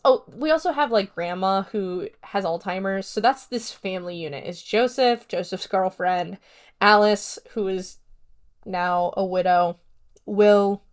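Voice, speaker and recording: A woman's voice: mid-range voice, clear, resonant tone. A woman hosting a casual solo podcast, chatting through a horror film review in a rambling way with lots of fillers. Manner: retells scenes by acting out quotes.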